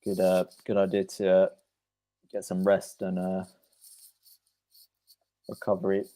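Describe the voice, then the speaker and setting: A man's voice: low-pitched, monotone, unhurried, warm tone. A man giving live play-by-play of a tennis match on a stream, calling each shot in turn and answering chat comments between points.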